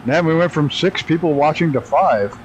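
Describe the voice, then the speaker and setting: A man's voice: on the high side, normal speed, a little hiss or hum, low-quality recording. A man casually talking to his chat while flying a flight simulator, swearing freely and laughing at his own mistakes. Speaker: flight sim streamer. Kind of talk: casual live-stream commentary.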